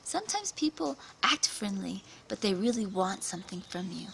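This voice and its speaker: Woman doing a kids book review, dramatic retelling, gasps and whispers, a bit of vocal fry. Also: medium pitch, big pitch swings, normal speed, fairly bright tone, slight background noise, poor audio. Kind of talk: casual children's book review.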